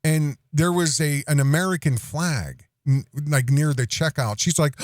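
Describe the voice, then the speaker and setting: A man hosting a podcast, telling a rambling casual story and jumping up high in pitch when he imitates a small child. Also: measured pace, dry recording, clean studio sound. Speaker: podcast host.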